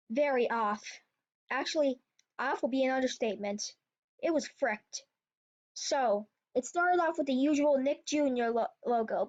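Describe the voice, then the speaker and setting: A woman with a high, somewhat dark voice retells a creepypasta casually, rambling along and often restarting or correcting herself. She's a storyteller, and the recording is dull and lo-fi.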